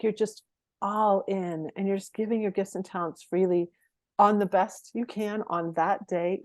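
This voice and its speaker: This middle-aged woman talks like a performance coach sharing stories on an interview. Her voice sits at an ordinary mid pitch, recorded close and dry with no room echo. She keeps the telling animated and breaks into light laughs often. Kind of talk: conversational interview storytelling.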